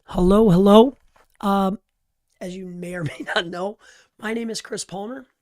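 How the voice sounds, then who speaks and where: A hoarse man with a worn-out voice hosting a casual live stream, talking close to the mic in an animated, chatty way. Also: sits high, unhurried, no echo. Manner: animated, chatty, laughs easily. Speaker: host of a live coaching stream. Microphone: close-up microphone.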